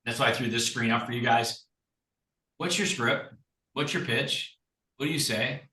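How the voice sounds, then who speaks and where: A man giving an emphatic, animated coaching talk as a guest, acting out sample conversations. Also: medium pitch, normal speed. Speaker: guest speaker, recruiting coach. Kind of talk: energetic coaching talk on a video call. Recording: echoey room.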